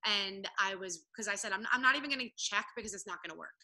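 A woman in her thirties tells a long personal story on a casual podcast. She slips into the voices of the people she quotes. Her voice is very bright and sits at a middle pitch. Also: quick pace, rough recording. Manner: lively storyteller who acts out quoted voices. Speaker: podcast guest.

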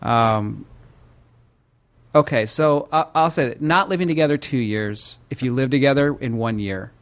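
A cheerful man in his late thirties, from the Midwest, talks in a relaxed, chatty way. His voice sits at an ordinary middle pitch, and he laughs easily as he talks. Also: normal speed. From American Midwest. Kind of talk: casual chat.

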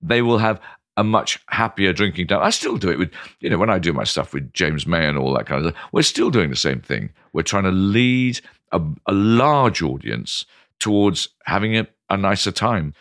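An older British man, a guest in an interview, telling lively anecdotes full of ums and restarts. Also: sits low, moderate pace, no room sound, clean studio sound. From Britain. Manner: animated, lots of ums and restarts. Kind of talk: anecdotal storytelling.

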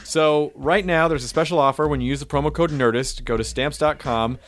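A man's voice: on the high side, brisk, fairly bright tone. A man from the Southern United States hosting a podcast, chatting casually and playfully, with light jokes and ad reads. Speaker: podcast host.

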